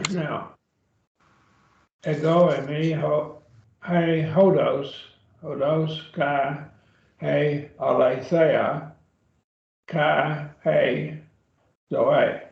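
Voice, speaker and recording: A man leads a church classroom lesson at an unhurried pace. His voice has a gravelly edge and takes plenty of time over each point. He sounds distant and roomy on a dull, muffled recording. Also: a little high, steady tone, darkish tone. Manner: patient, explains step by step, checks with "okay?". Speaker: Bible Greek teacher.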